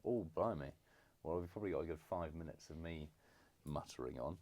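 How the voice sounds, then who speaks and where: A young man from England in a casual podcast chat with his father, halting and full of fillers. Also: a bass voice. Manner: hesitant, many fillers and restarts, warm teasing. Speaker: podcast co-host, son. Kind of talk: casual conversation.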